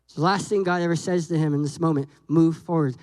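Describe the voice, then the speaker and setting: Here a guest preacher gives a jokey, lively sermon, voicing exchanges with God and Moses. His pitch is fairly high and his delivery fast, in a rough recording without echo.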